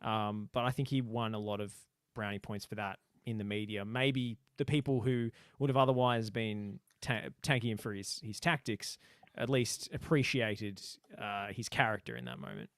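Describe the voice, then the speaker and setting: Male co-host, analytical and measured, dry recording. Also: fairly low pitch, a bit bright, no echo. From Australia. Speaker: podcast co-host. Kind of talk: casual chat.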